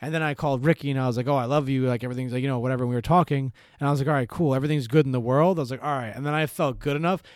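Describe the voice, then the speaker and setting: A young man in casual chat, telling animated, rambling stories full of swearing. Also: medium pitch, rapid-fire, hardly any pauses, no echo, clean studio sound.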